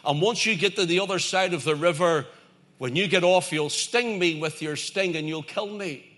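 A man voicing a male frog in a spoken fable, blunt and quick with his suspicions. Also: high voice, fairly bright tone. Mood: wary. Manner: quick and blunt, then pleading.

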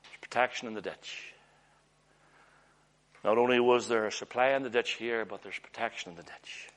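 At a normal pace, a man preaches a sermon in an earnest, storytelling manner, often letting his voice drop low and hushed.

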